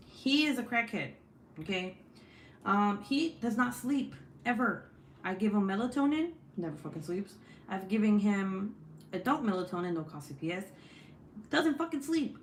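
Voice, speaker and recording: A young adult woman and mother, chatting casually while crafting at home, telling a story with lots of swearing and lively voice shifts. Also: medium pitch, roomy sound, slight background noise. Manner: profane, animated storytelling. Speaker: vlogger, mom.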